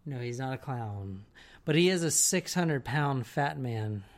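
Brief: casual podcast storyteller, mid-pitched voice, rambling and profane, keeps asking "right?". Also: lively intonation, unhurried. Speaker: podcast co-host telling a story.

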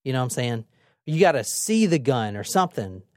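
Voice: mid-range voice, a little fast, no echo, clean studio sound. A podcast co-host retelling a true crime case in a casual, dramatic way, with frequent swearing. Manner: animated, profane, dramatic retelling.

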